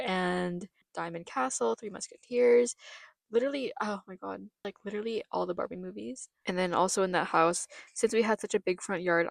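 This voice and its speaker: A woman's voice: fairly low pitch, gravelly, no echo. A young woman from the Philippines, telling chatty, nostalgic and emotional childhood stories on her podcast. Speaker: podcast host. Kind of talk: personal storytelling podcast.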